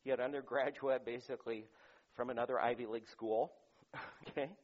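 A male pastor preaching in a relaxed, conversational way, with a husky, slightly breathy voice. He throws out rhetorical questions and moves from loud emphasis down to near-quiet remarks. The recording sounds a little dull and muffled. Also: medium pitch, brisk. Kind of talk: sermon.

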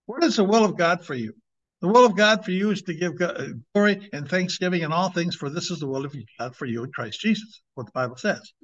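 A man's voice: high-pitched, animated, a bit bright. A man preaching an informal sermon as an evangelist, emphatic and conversational, stretching out key words. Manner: emphatic, conversational, drawn-out slow stresses. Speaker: evangelist, teacher. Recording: dull lo-fi recording.

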